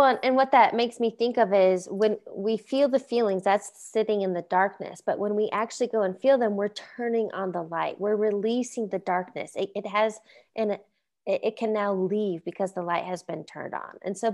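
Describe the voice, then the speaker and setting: A woman's voice: medium pitch, moderate pace, darkish tone. A woman hosting a casual conversation, reflective and affirming as she adds her own thoughts.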